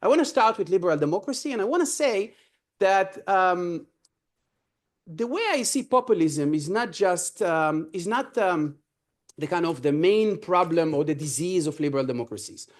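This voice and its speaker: Male lecturer, fairly high voice, halting delivery full of fillers, allergy cough. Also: animated. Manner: hesitant, many fillers and restarts. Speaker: invited speaker. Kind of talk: academic lecture. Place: university lecture room.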